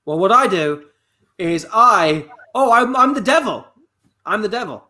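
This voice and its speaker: A man's voice: high voice, lively intonation, unhurried, sharp tone. A man improvising a comedy scene, fumbling and hesitating through a guessing game.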